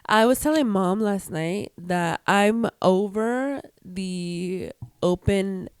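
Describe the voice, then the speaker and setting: A woman's voice: mid-range voice, takes it slowly, clean tone, no echo, studio quality. A woman from Texas co-hosting a podcast, teasing and bantering in a casual chat. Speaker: podcast co-host.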